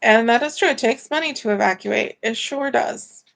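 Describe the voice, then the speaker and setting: A woman with a slightly high voice and plenty of gravelly vocal fry hosts a live stream from home. She rambles casually with lots of fillers and reads out viewer comments as they come in. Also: normal speed, fairly bright tone. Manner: rambling and chatty, with many fillers. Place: at home, indoors.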